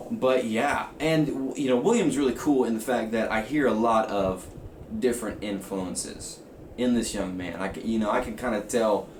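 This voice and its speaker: Young male reviewer, lowish voice, rambling casual delivery, roomy space with faint background hiss. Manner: rambling, filler-heavy, restarts. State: slightly rough, just woke up. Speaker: music reviewer. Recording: roomy, faint ambient noise.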